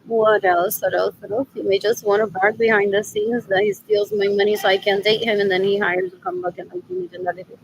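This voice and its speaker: A woman's voice: mid-range voice, big pitch swings, quick pace, creaky, hardly any pauses, slight background noise, poor audio. A woman in a rambling, scornful spoken monologue who keeps asking "what else?" and switches between English and Spanish. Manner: disgusted, scornful.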